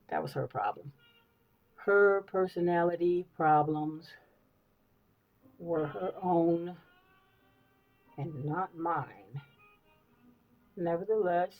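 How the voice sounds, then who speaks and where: The sound is phone-quality as a woman in her fifties, a beauty vlogger, chats casually while getting ready. Her voice is lowish and unhurried with long pauses, and she tells lively stories, repeats phrases, and keeps checking in with listeners.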